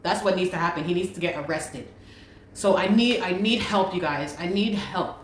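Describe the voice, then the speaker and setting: Woman, earnest, urgent, pleading, repeats herself, lowish voice, roomy sound. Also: normal speed. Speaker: guest telling her story. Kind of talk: personal account in an interview. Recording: roomy recording with faint background noise.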